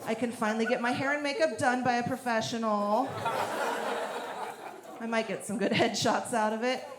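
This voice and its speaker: A woman in her thirties doing a stand-up comedy set on a club stage, with a deadpan, bawdy delivery. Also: fairly high pitch, normal speed. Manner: deadpan, bawdy punchlines, laughs at own jokes. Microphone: handheld stage mic. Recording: echoey club with crowd noise. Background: audience laughter.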